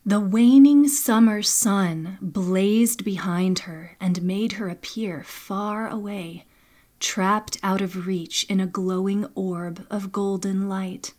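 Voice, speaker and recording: A woman narrating and producing her own storytelling podcast, measured and soft-spoken. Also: mid-range voice, fairly even intonation.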